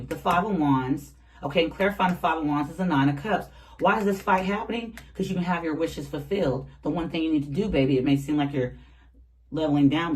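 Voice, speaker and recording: A tarot reader giving a casual, animated reading straight to the viewers, talking in loose slang and laughing often. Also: mid-range voice, slight background noise, rough recording.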